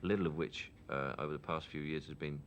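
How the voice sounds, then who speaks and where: A man's voice: rumbling low, fairly even intonation, brisk, a little hiss or hum. A man with a Cockney accent from London, giving a frank, opinionated and reflective account in a candid documentary interview. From London, England.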